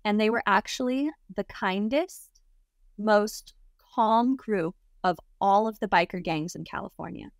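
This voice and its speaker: Woman telling a wild story on a podcast, mid pitch, laughs a lot, dry close sound. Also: measured pace, no room sound. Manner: lively, laughs often, acts out quoted voices. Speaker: interview guest. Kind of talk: casual storytelling.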